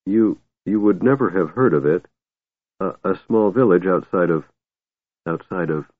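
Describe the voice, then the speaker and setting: A frightened sailor stumbles over his words, halting and stammering as he cringes away from questions, as a male narrator puts him on. The voice sits low and close, with no room around it. It comes through a thin, phone-like band. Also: dry recording. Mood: wary. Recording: narrow phone-like band, dry.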